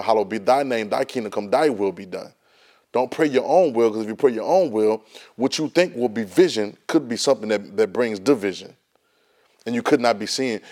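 A man's voice: on the low side, a little mellow. A man teaching a Bible study class, emphatic and folksy, often repeating words as he restarts a thought. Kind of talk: Bible study lesson, preaching.

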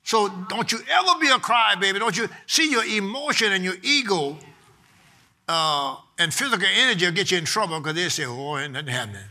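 A man preaching a sermon with fervent, rhythmic repetition and folksy phrasing. He rises to shouted peaks at times. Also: high-pitched, expressive, fairly quick.

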